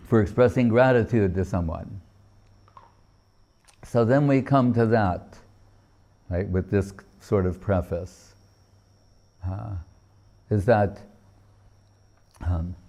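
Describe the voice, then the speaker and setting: An older man giving a sermon-style spiritual class in an unhurried, drawn-out way. His voice is mellow and warm. He talks haltingly, trailing off and restarting as he searches for words. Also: on the low side. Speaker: spiritual teacher.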